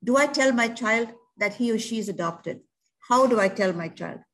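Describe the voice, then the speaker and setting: An earnest, reassuring woman speaking as a counselor on an online talk show. Her voice sits a little high, and she works through one rhetorical question after another. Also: animated, moderate pace, fairly bright tone. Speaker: adoption counselor guest.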